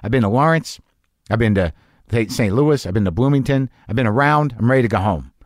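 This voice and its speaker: A man's voice: medium pitch, lively intonation, fairly quick, no echo, clean studio sound. A middle-aged man telling a long story in a casual monologue, ranting and swearing, mocking himself and acting out what people said. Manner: profane, ranting, self-deprecating, acts out quotes.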